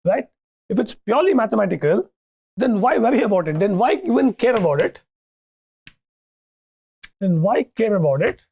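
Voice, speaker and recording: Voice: medium pitch, animated, moderate pace, long pauses, dark tone, slightly rough. A lecturer giving a university lecture, thinking aloud with restarts and often asking "okay, right?" to check that students follow.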